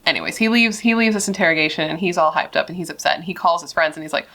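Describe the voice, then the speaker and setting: A young woman narrates a true crime case like she is chatting with a friend. She fills her talk with "like" and the odd swear word, in a slightly low voice. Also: rapid-fire, pushed and bright. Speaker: beauty vlogger telling a true crime story. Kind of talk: casual true crime storytelling.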